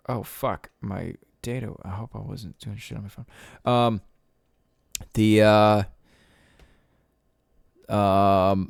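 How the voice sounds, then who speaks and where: A man's voice: on the low side, smooth, no echo, studio quality. A young man hosting a solo podcast, ranting in a profane, rambling way with lots of fillers. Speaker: podcast host. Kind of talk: casual solo podcast rant.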